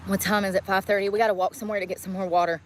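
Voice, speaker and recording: Talking very fast in a mid-range voice with little pitch movement, a woman rants angrily on a livestream from an outdoor street. She is homeless, swears freely and sounds combative, as well as tired and aching from walking.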